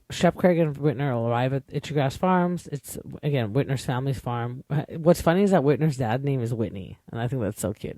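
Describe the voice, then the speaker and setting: A man's voice: medium pitch, dark tone, no room sound, clean studio sound. Chatty opinionated man recapping reality TV. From Canada. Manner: chatty, opinionated, many filler words. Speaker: podcast host.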